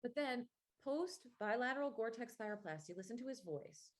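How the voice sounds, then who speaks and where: A woman's voice: on the high side, lively intonation, a little fast. A woman laryngologist giving a medical grand rounds lecture, explaining things step by step with frequent fillers.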